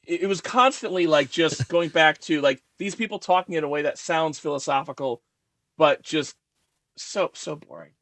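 A male guest with a slightly high voice who rambles through his stories, filling gaps with fillers. He laughs at himself now and then. The recording is close and dry. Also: moderate pace, fairly bright tone, dry recording. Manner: rambling, many fillers, self-deprecating laughs. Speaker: guest writer. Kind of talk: interview.

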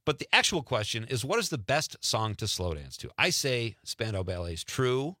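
A lively man in his fifties hosting a radio talk show, his voice bright and swinging up and down as he chats. He is from Wisconsin, laughs easily, and sounds close and dry on a studio mic. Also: mid-range voice, moderate pace, no echo. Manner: chatty, animated, laughs often.

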